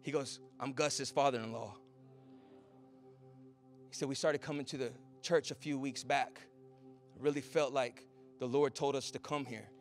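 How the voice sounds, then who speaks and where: A man preaching a sermon as a pastor, moving from quiet storytelling to loud, rising exhortation. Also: mid-range voice, fairly even intonation, moderate pace, long pauses, soft background music.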